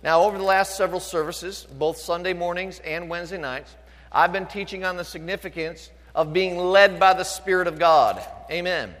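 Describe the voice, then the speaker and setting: A man's voice: high-pitched, normal speed, a bit bright. A male pastor preaching a sermon, asking the congregation for responses as he teaches. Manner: preaching with call-outs to the congregation. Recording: long reverb of a large hall.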